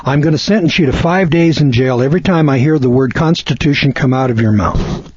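A man puts on a stern older male judge who speaks in a firm, measured way. The voice is husky and a little breathy. It sits close and dry on a dull, lo-fi recording. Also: mid-range voice, darkish tone, no echo, natural voice.

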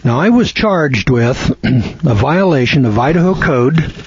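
A man's voice: mid-range voice, animated, unhurried, breathy edge. A man giving a seminar lecture, telling a story in a folksy, colloquial, emphatic way, on a dull lo-fi recording. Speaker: seminar speaker.

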